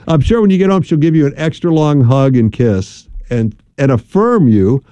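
A middle-aged man hosting a radio talk show, counseling couples in a chatty, rambling way with animated asides. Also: a little high, moderate pace, no echo. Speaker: radio host and marriage counselor.

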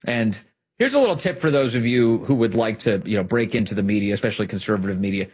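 A man's voice: fairly low pitch, expressive, fast, slightly rough. A man hosting an opinionated political commentary show, speaking emphatically and repeating key phrases for effect.

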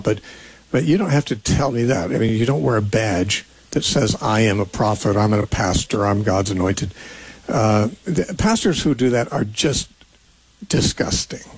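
A man's voice: mid-range voice, lively intonation, normal speed, slightly rough, rough recording. A man hosting a call-in radio show, teaching on the Bible in an earnest, reasoning way with frequent restarts.

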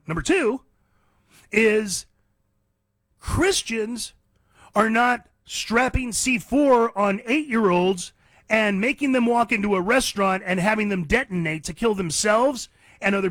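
Combative talk radio guy ranting, high voice, slow and dry studio sound. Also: lively intonation, a bit bright, dry recording. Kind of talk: opinionated talk radio monologue.

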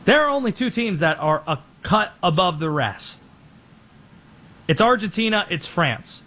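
Fast, energetic, and full of lively pitch changes, a man runs his sports talk show, tossing out brisk opinions before reading an ad spot.

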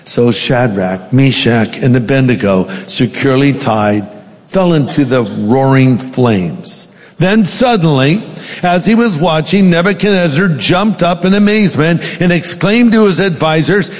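A man's voice: fairly high pitch, lively intonation, a little slow, big-room sound. A male pastor preaching a sermon, reading scripture aloud with dramatic emphasis.

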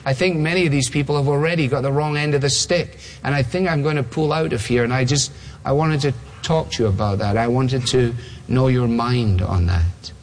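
A preacher voicing Jesus in quiet prayer. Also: male voice, medium pitch, slight background noise, close to an everyday voice. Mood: earnest. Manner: slow, halting, earnest. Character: Jesus praying alone, calm and earnest.

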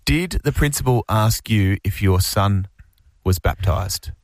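A man's voice: lowish voice, slow pace, a little mellow, dry recording. A man co-hosting a radio show, playful and mock-interrogating. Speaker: radio host. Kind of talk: casual banter.

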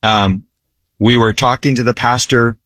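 A man speaking at a middle pitch in a dry, close recording, describing his relief work with earnest emphasis. He repeats key phrases and checks in with a frequent "right?". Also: steady tone, measured pace, a bit bright, no echo. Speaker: disaster relief ministry worker. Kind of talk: earnest interview storytelling.

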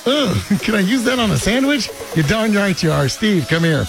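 Sports radio host, man, lively high voice, playful and jokey, faint music under it. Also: normal speed, creaky. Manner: joking, playful, laughs often. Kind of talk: casual sports radio banter.

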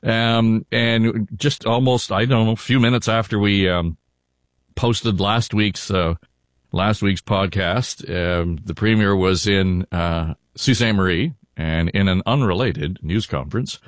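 A man's voice: on the low side, a little slow, no echo, clean studio sound. An older man hosting a politics podcast in a rambling, casual way with lots of fillers. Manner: rambling, with many fillers and restarts. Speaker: podcast host. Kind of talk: casual panel chat.

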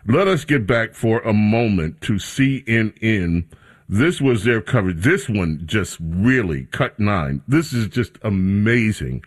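A man with a lowish, expressive voice speaks unhurriedly while hosting a talk radio show. He introduces clips and guests in a casual, rambling style, sarcastically mocking reporters in a raised voice.

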